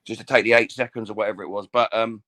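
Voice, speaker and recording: A man's voice: fairly low pitch, fairly even intonation, quick pace, sharp tone. A man co-hosting a casual boxing podcast, chatty, often stammering and restarting his sentences. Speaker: podcast co-host.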